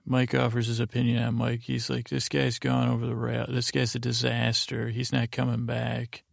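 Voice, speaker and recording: A man hosts a podcast with a gravelly, creaky voice and a flat, monotone delivery. He rambles through a show recap, quoting characters without changing his voice. The recording is close and dry. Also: mid-range voice, moderate pace, no room sound. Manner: rambling, plain voice with many fillers, flatly quoting each character. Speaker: podcast host. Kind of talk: sleepy, meandering episode recap.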